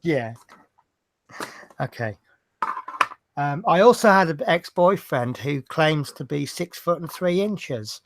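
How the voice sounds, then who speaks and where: A man's voice: fairly high pitch, lively intonation, slow, long pauses, background noise. A man hosting a casual hobby show, rambling through jokes and banter. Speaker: host. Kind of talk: casual chat, telling jokes.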